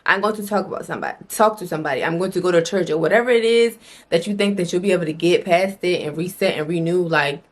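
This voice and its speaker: A woman's voice: fairly low pitch, quick pace. A young adult woman talking to camera in a casual motivational vlog, blunt and emphatic, swearing freely and repeating phrases for emphasis. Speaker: vlogger.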